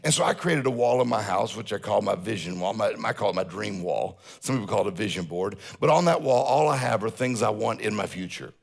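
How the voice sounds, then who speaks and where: Male motivational speaker, raspy low voice, jokey storyteller. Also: lively intonation, a little fast, few pauses. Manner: storytelling, jokes with audience. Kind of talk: humorous seminar talk.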